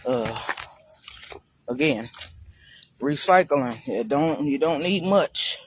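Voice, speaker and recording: A man's voice: a little high, expressive, takes it slowly, husky, dry recording. A man giving a casual, chatty walk-through of his garden for viewers, talking loosely and calling them y'all. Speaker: gardening vlogger. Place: outdoor garden.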